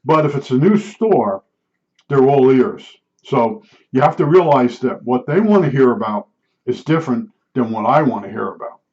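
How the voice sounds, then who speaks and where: An older man with a New Jersey accent rambles through personal stories in a casual, chatty way. He circles back with frequent asides, and his middle-pitched voice comes through a dull, lo-fi recording. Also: animated, normal speed, a little mellow. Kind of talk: casual storytelling monologue. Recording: dull lo-fi sound.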